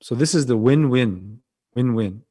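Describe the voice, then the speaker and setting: A man with a Korean accent, a Buddhist monk giving a dharma talk over a video call, gentle and halting, often repeating his phrases. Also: medium pitch, animated.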